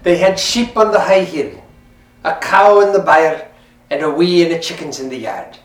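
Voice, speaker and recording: Fella spinning an old folk tale, chatty and lilting, echoey room, mic a bit far off. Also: male voice, fairly high pitch, normal speed, faint music behind. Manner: lilting, conversational, speaks to the listener. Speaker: storyteller. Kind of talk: oral folk-tale telling. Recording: roomy, mic at a distance.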